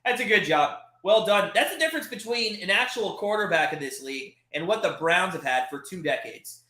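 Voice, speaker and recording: Animated man calling a game live. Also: high-pitched, fairly quick, reverberant. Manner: frustrated, animated, swings from calm play calls to exasperated outbursts. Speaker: watch party host. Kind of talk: live play-by-play fan commentary.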